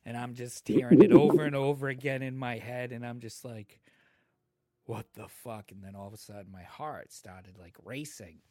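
A man in his thirties casually telling a profane, laid-back story to friends, getting animated when he quotes others. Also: medium pitch, brisk, few pauses.

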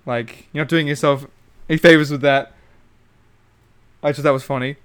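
A man's voice: a little high, fairly even intonation, normal speed, a bit bright, clear, resonant tone. A young man hosting a solo podcast, ranting casually and swearing about a reality show, with lots of fillers. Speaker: podcast host. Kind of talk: casual solo recap chat.

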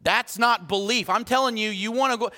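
A male pastor preaching a sermon in an animated, rallying way, repeating phrases. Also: high voice, fairly quick. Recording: reverberant hall.

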